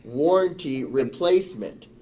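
A middle-aged man telling a story in casual chat, animated and turning indignant as he goes. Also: on the high side, a little slow. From Michigan, USA. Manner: animated, rising to indignant outbursts. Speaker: storyteller on a talk show.

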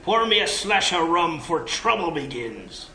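A man voicing a gruff male pirate in a joke told among friends, growling his lines. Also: a little high, very animated, a little slow, bright, forceful tone, reverberant, full character voice. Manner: growling "arr" pirate talk.

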